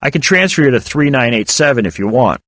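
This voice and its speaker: A man voicing a businesslike male office employee who answers in a brisk, matter-of-fact way. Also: medium pitch, sing-song, a bit bright, no room sound, pitched above the performer's own voice. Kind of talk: audiobook character voice.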